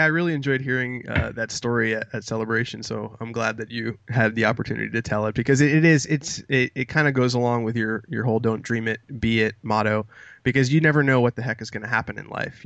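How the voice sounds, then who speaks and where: Casting: male interview host, gravelly voice, dull lo-fi dry recording, enthusiastic. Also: mid-range voice, fairly bright tone, no echo. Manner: enthusiastic, backchannels with short reactions. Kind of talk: casual interview.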